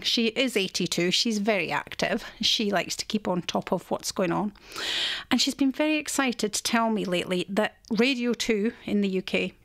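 A woman's voice: mid-range voice, a bit bright. A middle-aged Scottish woman presenting a radio show, chatting casually and laughing as she tells a story. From Scotland.

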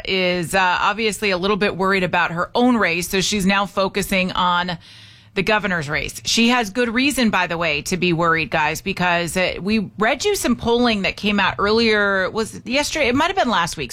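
A woman hosts a morning talk radio show with a bright, forceful tone. She is chatty and opinionated, commenting on the news and giving out the call-in number again and again. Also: medium pitch, moderate pace.

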